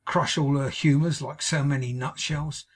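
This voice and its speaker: A man with a husky voice playing a drunken, cruel young husband who bullies and sneers at his wife in an audiobook. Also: a little high, fairly even intonation, normal speed. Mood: contemptuous. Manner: snarling, contemptuous. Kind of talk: audiobook character voice.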